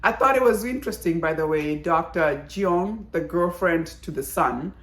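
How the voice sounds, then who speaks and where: A woman giving a casual, chatty video review of a drama, talking in an animated, exclaiming way. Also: lowish voice, moderate pace, roomy sound.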